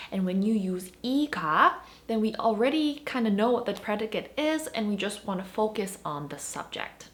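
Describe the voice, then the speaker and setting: A woman's voice: mid-range voice, fairly bright tone. A woman teaching grammar in an online lesson, explaining patiently and acting out little example dialogues. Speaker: Korean language teacher.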